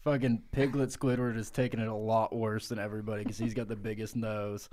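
A man's voice: fairly low pitch, flat delivery, fairly quick, darkish tone. A man on a comedy podcast riffing an improvised, profane story, laughing through his lines. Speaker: podcast co-host.

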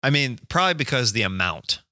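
A man's voice: mid-range voice, very animated, fairly quick, sharp tone, dry recording, clean studio sound. A man hosting a casual podcast chat, asking curious, playful questions.

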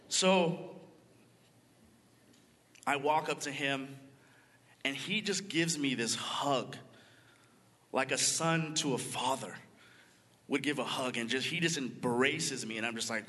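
A man's voice: on the high side, measured pace, pauses often, pushed and bright. A man giving an emotional, earnest church testimony, calling himself a crier. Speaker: mission trip leader sharing testimony. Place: church sanctuary. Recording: long church hall reverb.

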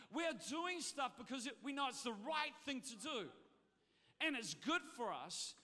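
A high-pitched man with a bright, forceful voice preaches a sermon, trading shouted calls to the congregation for relaxed, joking stories. The sound is carried by the long reverb of a large church hall. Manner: swings between shouted exhortation and chatty storytelling; humorous, conversational asides to the congregation. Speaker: pastor.

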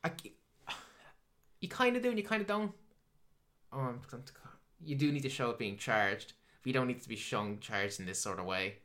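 Guy, podcast co-host, bright edge to the voice, exasperated and sweary film rant. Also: medium pitch, expressive, normal speed, long pauses. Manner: swears a lot, ranting and exasperated. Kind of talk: casual film review chat.

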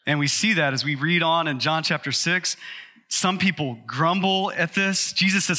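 A man, a pastor, preaching a sermon with emphatic rises to loud peaks. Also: high voice, moderate pace.

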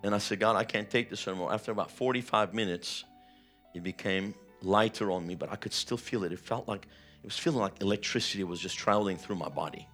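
A man's voice: lowish voice, fast, fairly bright tone, faint music behind. A man preaching a sermon, retelling a personal testimony with vivid, emotional storytelling. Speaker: pastor.

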